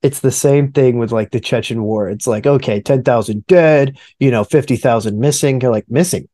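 Guy with a dark mellow voice on a podcast, swears a lot, calls everyone bro. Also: medium pitch, moderate pace. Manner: profane, excitable banter, says "dude" and "bro". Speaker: podcast co-host. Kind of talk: casual podcast chat.

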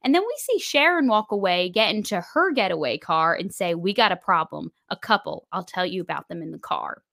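Woman podcast cohost, lowish voice, chatty recap, dry close sound. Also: expressive, fairly quick, creaky, a bit bright, dry recording. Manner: chatty recap with fillers, quoting dialogue. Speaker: podcast co-host. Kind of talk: casual spoiler recap chat.

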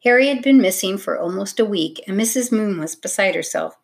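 A woman narrating a children's storybook in a steady, expressive reading voice. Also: medium pitch, brisk.

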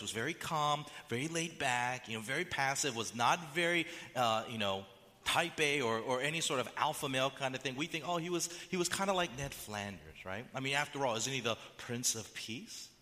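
Male pastor, animated sermon delivery, acts out quotes, tense bright tone. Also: medium pitch, in a large hall.

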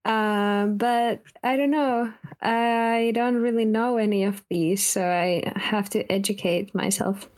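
A woman's voice: medium pitch, steady tone, takes it slowly, few pauses, darkish tone. A woman co-hosting a casual chat who speaks hesitantly and fills her sentences with "like". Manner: hesitant, lots of fillers like "like".

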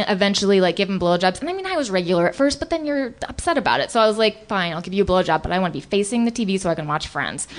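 A woman's voice: mid-range voice, a bit bright. A woman telling a confessional comic story on a live stage show, rambling with lots of "like" and restarts. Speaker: storyteller on a live comedy podcast.

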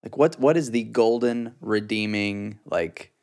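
A man's voice: lowish voice, unhurried, darkish tone. Easygoing young man from Texas. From Southeast Texas. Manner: easygoing, asks questions, mimics family. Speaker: podcast co-host. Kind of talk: casual chat.

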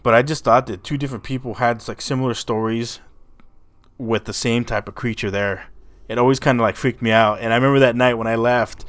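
A man's voice: mid-range voice, steady tone, brisk, fairly bright tone, dry recording. A man hosting a podcast, telling a story in a rambling, casual way, stumbling over and repeating his words and swearing freely. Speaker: podcast host.

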